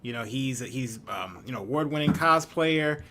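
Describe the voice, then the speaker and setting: A male host leads a relaxed interview stream, his voice bright and forward at a middle pitch. He speaks in an easygoing way, drifting into hesitant fillers when he runs through announcements. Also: moderate pace.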